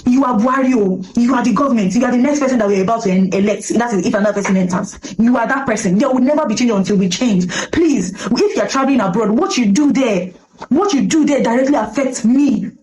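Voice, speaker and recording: A woman's voice: on the high side, a little fast, darkish tone, poor audio. A young Nigerian woman with a Nigerian accent, giving a passionate, emphatic commentary that pleads urgently with her listeners.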